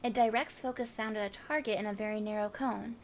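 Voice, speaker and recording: A woman's voice: mid-range voice, steady tone, fast talker, a little hiss or hum. A woman streaming a video game, chatty and self-deprecating, muses aloud and reads the on-screen text. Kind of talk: casual let's-play commentary, reading game text aloud.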